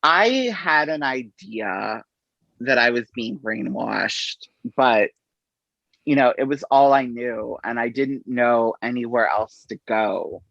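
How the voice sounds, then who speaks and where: A middle-aged man, an interview guest, telling his story in an unhurried, halting way and acting out the exchanges he quotes. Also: medium pitch, vocal fry, fairly bright tone, no room sound. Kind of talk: conversational storytelling. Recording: dull, slightly lo-fi audio.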